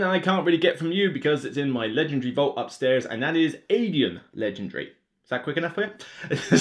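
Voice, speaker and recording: A man with a Somerset English accent, talking casually to camera as a board game video host, ranting with lots of fillers. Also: medium pitch. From England (Somerset). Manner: animated, rant-like, with many fillers.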